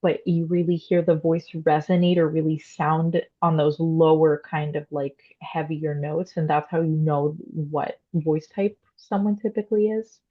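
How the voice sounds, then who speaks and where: A young, classically trained soprano explains voice types in a casual interview, peppering her speech with "um" and "like." Her voice is deep and steady, her pace measured, with hardly any pauses. The audio sounds narrow and tinny.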